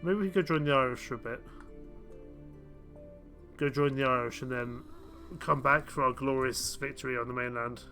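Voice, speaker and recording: A man's voice: mid-range voice, moderate pace, long pauses, sharp tone, soft background music. A man streaming a game live, chatting casually and thinking aloud with self-mocking asides. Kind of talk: casual live gameplay commentary.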